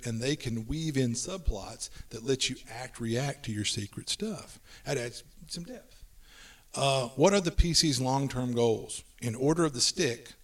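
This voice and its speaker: Male podcast host, brisk list-driven delivery, sits a bit back from the mic. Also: medium pitch, fairly bright tone, far from the mic. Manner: brisk, runs through lists of tips. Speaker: podcast host giving tabletop game advice. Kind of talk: casual podcast chat.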